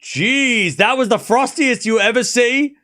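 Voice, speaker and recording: A man hosting a live tennis watchalong stream, chatting casually and excitedly, laughing often and thinking out loud. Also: extremely high pitch, unhurried. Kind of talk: live commentary and casual chat.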